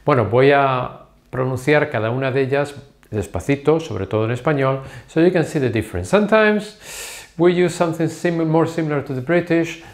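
A man teaches a vocabulary lesson, switching between two languages. He says each word slowly and carefully, often checks in with the listener, and speaks at a middle pitch. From Spain. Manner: slow, deliberate pronunciation of words. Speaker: Spanish teacher.

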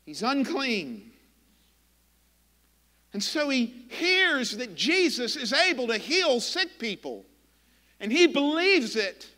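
High-voiced impassioned preacher in a reverberant church. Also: male voice, bright, forceful tone. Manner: impassioned, emphatic preaching with dramatic pauses. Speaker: pastor. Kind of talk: sermon. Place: church sanctuary.

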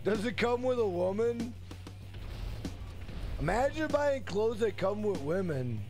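An excitable man streaming a game, cursing loudly at what happens on screen and joking with his chat in a high, animated voice that swings up and down. Game music keeps playing behind him. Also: measured pace. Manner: excitable, profane, loud outbursts; banters with chat and greets viewers. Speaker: gaming streamer. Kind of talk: live gameplay stream commentary.

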